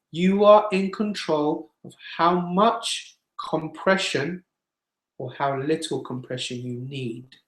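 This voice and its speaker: A man's voice: a little high, echoey room. A man teaching singing in a webinar, explaining plainly and demonstrating sounds with his own voice.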